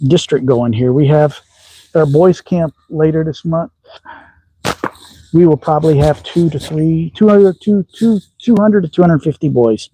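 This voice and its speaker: A folksy, rambling middle-aged man from Texas with a slight Southern lilt and a few upper Midwest touches. His voice sits a bit high for a man but sounds mellow and soft-edged. He chats loosely on a livestream outdoors, filling gaps with ums. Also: rough recording. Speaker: slingshot channel host. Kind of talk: casual livestream chat. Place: outdoors at a backyard shooting range.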